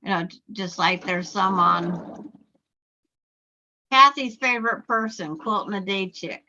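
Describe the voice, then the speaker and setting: A woman's voice: mid-range voice, unhurried, sharp tone. A woman quilter chatting casually on a video call, rambling through a list of sources. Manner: rambling, lists sources in passing. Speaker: quilter in an online group chat. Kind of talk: casual chat. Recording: muffled video-call audio.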